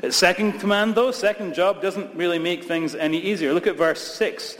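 A man's voice: high voice, normal speed, fairly bright tone. A man from Scotland, a pastor preaching a sermon with emphatic, repeated phrases and humorous asides. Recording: long reverb of a large hall.

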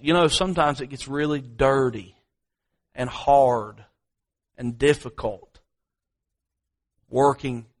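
A pastor delivers his sermon at an unhurried pace, leaning on each phrase and repeating it for weight. His voice sits at an ordinary middle pitch for a man. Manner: slow, emphatic preaching with repeated phrases.

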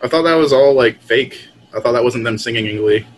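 A man's voice: medium pitch, fairly quick, poor audio. A man in casual comedic chat, laid-back and teasing, speaking over a call. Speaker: co-host. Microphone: call audio.

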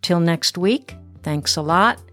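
A woman's voice: fairly low pitch, lively intonation, takes it slowly, fairly bright tone, soft background music. A middle-aged woman hosting a parenting show, giving earnest, emphatic advice and checking in with "right?". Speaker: parenting podcast host. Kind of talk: instructive monologue.

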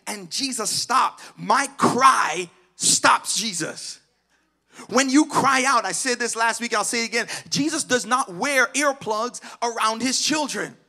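A male pastor preaching with passion in a sing-song cadence, swinging between shouts and hushed asides and calling on the congregation to respond. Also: very high voice. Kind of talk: sermon.

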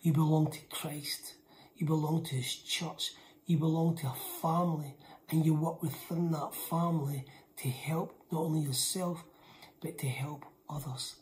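Woman preacher, low warm voice, emphatic sermon, repeats herself, goes to a whisper a lot. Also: steady tone, unhurried, slight background noise. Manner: emphatic, repeats lines for weight, often drops to a hushed whisper.

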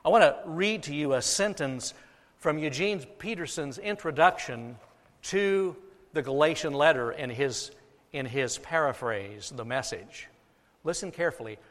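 A man's voice: fairly high pitch, animated, a little slow, fairly bright tone. A man preaching a sermon from the pulpit as pastor, from the United States, emphatic and repeating key phrases for effect. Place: church sanctuary. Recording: long reverb of a large hall.

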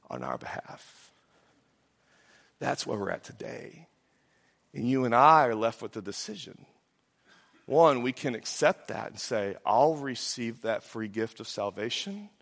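Impassioned pastor preaching in an echoey hall. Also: male voice, mid-range voice. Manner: impassioned, swings between loud emphatic peaks and soft hushed drops. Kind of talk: sermon.

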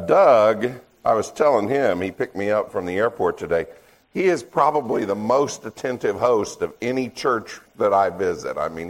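Older male guest preacher, unhurried, low-pitched, self-deprecating humor. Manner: relaxed, joking, self-deprecating. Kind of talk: sermon with dad jokes.

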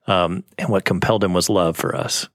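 A man's voice: low-pitched, steady tone, brisk, dry recording, clean studio sound. A young adult man hosting a casual faith conversation, earnest and affirming. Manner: earnest, affirming, tells stories with acted quotes.

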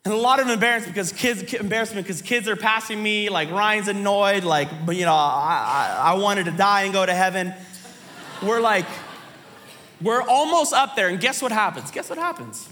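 Male preacher, sermon delivery, lively comic storytelling, high bright voice. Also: normal speed, big-room sound. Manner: animated storytelling, voices quoted people.

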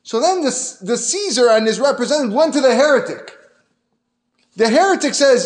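A man with a notably high voice for a man teaches a Torah lesson as a story. He talks in a lively, informal way, drops Hebrew terms into plain speech and often restarts his phrases. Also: normal speed.

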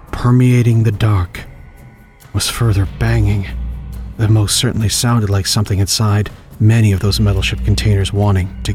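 Low-voiced man narrating horror. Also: darkish tone. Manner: measured, grave storytelling.

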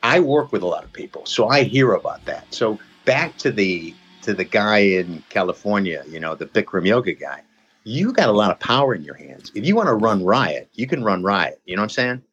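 A man with a husky, fairly low voice tells a winding story in relaxed chat, padding nearly every thought with "you know" and restarts. The sound is dull and lo-fi, like a muffled call. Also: fairly quick. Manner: rambling, lots of "you know" fillers. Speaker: podcast guest, personal trainer. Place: lives near Reading, England.

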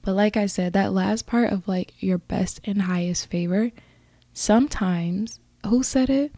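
A woman hosts a casual motivational podcast, speaking earnestly and encouragingly to her listeners. Her voice is warm and mellow, and she often wanders into rambling asides. The sound is dry and close, with no room echo. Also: mid-range voice, measured pace. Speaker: podcast host.

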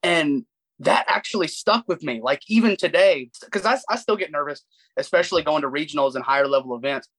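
A man's voice: a little high, animated, fairly quick, a bit bright, low-quality recording. Young man telling rambling stories. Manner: rambling, self-deprecating storytelling with frequent restarts. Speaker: podcast co-host. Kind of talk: casual chat.

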